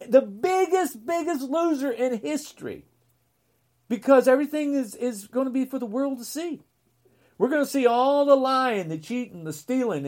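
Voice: medium pitch, a little mellow. A podcast host ranting alone, mocking and repeating taunts. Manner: mocking, repetitive, name-calling. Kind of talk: solo political rant podcast.

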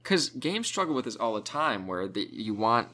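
A young man chats casually about games as a co-host. He makes dry, wry asides with a lively, swinging pitch at a middle register. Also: normal speed. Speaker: podcast co-host. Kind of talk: casual gaming chat.

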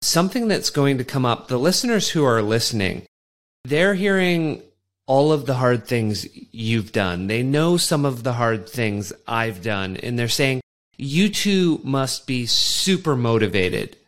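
A man hosting a podcast, speaking at an ordinary pitch for a man. He puts brief affirmations to his guest and then asks a direct question. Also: expressive, unhurried. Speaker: podcast host. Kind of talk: casual interview.

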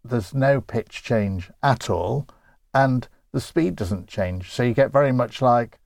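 A man's voice: mid-range voice, lively intonation, takes it slowly, creaky, darkish tone, no echo, clean studio sound. A man in casual chat, wry and chuckling through his remarks.

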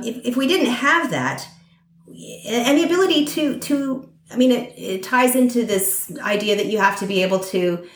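A woman's voice: medium pitch, fairly bright tone, reverberant. A woman speaking as a podcast guest in a political conversation, thoughtful and hesitant, with many fillers and restarts.

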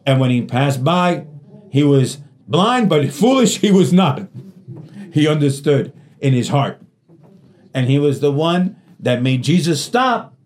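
A man's voice: on the high side, expressive, measured pace, a little mellow. Preaching man asking rhetorical questions. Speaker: pastor. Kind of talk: sermon.

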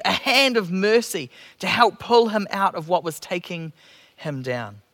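A man delivering a sermon in a slow, measured, reflective way, letting phrases fall soft at the ends. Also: sits high. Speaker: preacher.

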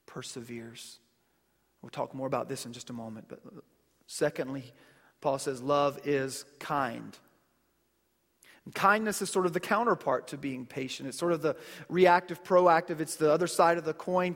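A man in his thirties delivers a church sermon with a relaxed, conversational feel. He keeps his voice fairly high, and he often turns to his listeners with questions. A long echo from the big hall trails after his words. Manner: conversational preaching with illustrative stories and rhetorical questions. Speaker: pastor. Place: church sanctuary.

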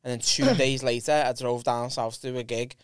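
Quick, clear-voiced man. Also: medium pitch, steady tone, dry recording, clean studio sound. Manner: self-mocking, swearing. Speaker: podcast host and comedian. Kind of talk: casual storytelling.

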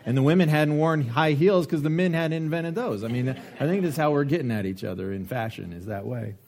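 A man preaching a sermon, joking and animated, with lots of rhetorical questions, in a church. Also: on the high side, brisk, a faint crowd. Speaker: pastor.

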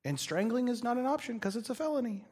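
A man's voice: extremely high pitch, big pitch swings, fast, a little mellow, slight background noise. A male preacher giving a humorous, conversational sermon. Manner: jokey, acts out characters, conversational.

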